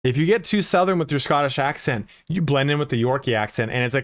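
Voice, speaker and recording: A man's voice: medium pitch, brisk, hardly any pauses, dry recording, studio quality. A man chatting casually and profanely with viewers as a game streamer, rambling with lots of filler words.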